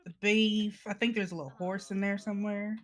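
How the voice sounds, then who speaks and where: A woman's voice: mid-range voice, fairly even intonation, brisk. A woman in game role-play chat, wry and teasing.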